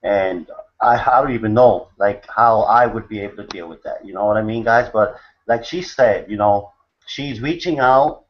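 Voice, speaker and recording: A man's voice: lowish voice, moderate pace. Enthusiastic male webinar host, lo-fi. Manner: enthusiastic, talks straight to listeners. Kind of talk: webinar hosting. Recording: muffled lo-fi audio.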